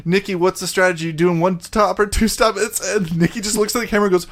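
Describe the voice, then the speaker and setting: A man's voice: high-pitched, fast. A man co-hosting a casual motorsport podcast, retelling stories with laughter and mimicry. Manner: storytelling, laughing, animated retelling. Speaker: podcast co-host. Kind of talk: casual chat.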